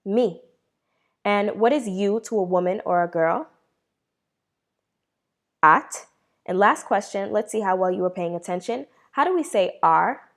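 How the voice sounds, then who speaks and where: A woman teaching a beginner Hebrew lesson, asking questions, pausing, then answering them herself with praise and slowing down to model each word. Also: medium pitch, animated. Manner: slows down to model words.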